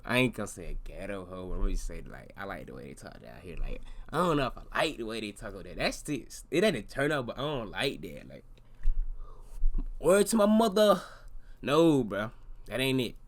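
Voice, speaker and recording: A man casually reacting to a video, loud and slangy, laughing and swearing as he talks. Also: lowish voice, very animated, fast.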